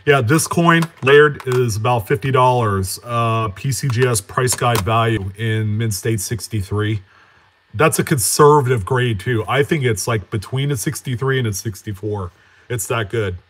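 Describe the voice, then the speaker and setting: A man's voice: mid-range voice, normal speed, a little hiss or hum. A man hosting a casual live stream for his coin collecting channel, talking in an easygoing, conversational way. He greets viewers by name, answers their comments, and wanders from point to point, with plenty of fillers and restarts along the way. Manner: chatty, reads out and answers viewer names; relaxed, with frequent fillers and self-corrections.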